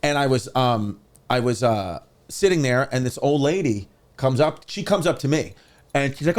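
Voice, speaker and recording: A man in his thirties with a New York accent, a comedian telling a rambling, animated story in casual podcast chat. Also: mid-range voice, normal speed. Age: 30s. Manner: rambling, animated, many restarts and fillers.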